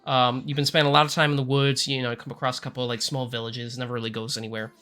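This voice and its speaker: A man's voice: medium pitch, level tone, racing, pushed and bright, clean tone, soft background music. A man narrating a tabletop game as game master, with joking, self-mocking asides.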